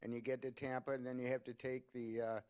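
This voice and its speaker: A man's voice: mid-range voice, flat delivery, fast, a little mellow, clean tone. A man interviewing a guest at a book event, prompting with questions in a conversational way. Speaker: interviewer, co-author.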